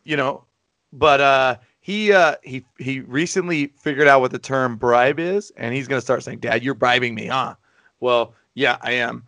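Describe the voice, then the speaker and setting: A man's voice: medium pitch, normal speed, a bit bright, no echo. A man hosting a casual podcast, brash and mocking, swearing freely. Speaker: podcast host. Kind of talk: casual banter.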